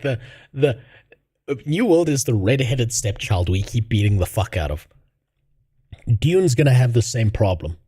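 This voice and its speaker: A man's voice: mid-range voice, dark tone, no room sound, studio quality. A man streaming a reaction video, chatting in a blunt, profane and sarcastic way with his viewers. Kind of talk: casual livestream reaction chat.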